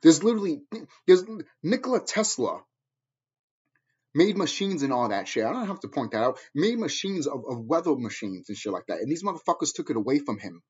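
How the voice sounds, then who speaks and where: A man's voice: a little high, big pitch swings, a little fast, darkish tone, breathy edge. A man ranting at viewers in a profane, angry, preachy monologue, heard on a dull lo-fi recording. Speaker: vlogger.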